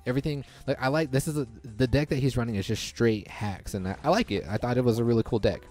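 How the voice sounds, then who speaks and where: A young man giving casual, excitable commentary over his own gameplay, reacting loudly to lucky and unlucky rolls. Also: medium pitch, fast. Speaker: gaming commentator. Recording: faint background music.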